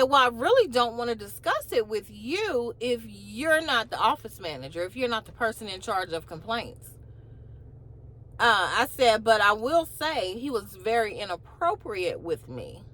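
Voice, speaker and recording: A woman vlogger casually telling a personal story, acting out the other side of a phone call with incredulous asides. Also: on the high side. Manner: animated retelling with rising, incredulous asides. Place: in a car.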